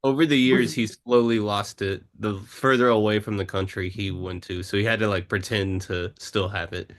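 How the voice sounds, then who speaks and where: A man's voice: on the low side, fairly even intonation, moderate pace. A man co-hosting a podcast, chatting casually and adding wry asides. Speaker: podcast co-host.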